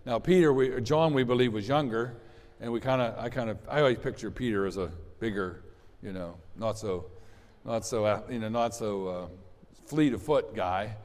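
A pastor preaches an Easter sermon in a fairly low, darkish voice at normal speed. He is conversational and rambling, restarting and making asides to the congregation, with a long hall reverb on the recording.

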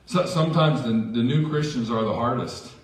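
A man's voice: medium pitch, lively intonation, moderate pace, distant mic. A man preaching a sermon as pastor in a church, conversational with self-deprecating asides. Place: church sanctuary. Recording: echoey church hall from afar.

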